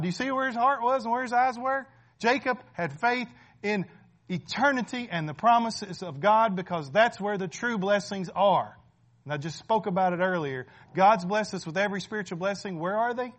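A male pastor delivers a sermon in a fairly high voice. He preaches emphatically and conversationally, pausing often to check that his listeners follow. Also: fairly bright tone. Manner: emphatic, keeps asking "right?", laughs between points.

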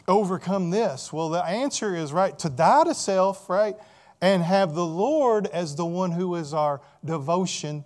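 A man's voice: a little high, darkish tone. A man preaching a sermon as a pastor, often asking his listeners rhetorical questions.

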